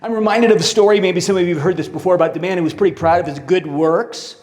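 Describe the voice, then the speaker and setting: A man's voice: sits high, quick pace, darkish tone. A male pastor preaching a sermon, telling stories and asking the congregation questions. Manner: storytelling, asks the congregation questions. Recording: reverberant church hall.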